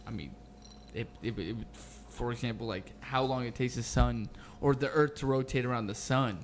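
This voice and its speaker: Stammering man, faint room noise. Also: mid-range voice. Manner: halting, stammering, repeats words. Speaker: guest. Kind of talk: casual chat.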